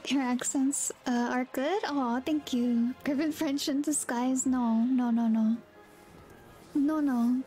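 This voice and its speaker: Slow, high-voiced playful woman streamer. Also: steady tone, dark tone, soft background music. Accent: Southern US. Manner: playful, giggly, musing aloud. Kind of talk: casual live-stream game commentary.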